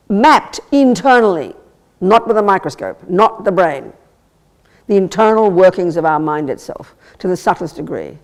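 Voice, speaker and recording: A woman teaching Buddhism to a live audience, her voice sitting mid-range for a woman. She is emphatic and animated, tosses out rhetorical questions and wry, blunt asides, and often stumbles over words and restarts. The talk comes from a Buddhist centre. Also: medium pitch.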